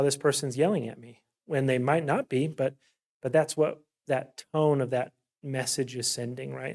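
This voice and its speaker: A man's voice: mid-range voice, a little mellow. Chatty man leading a council workshop. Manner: chatty, keeps asking "right?". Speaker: workshop facilitator. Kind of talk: conversational presentation. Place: city council chamber.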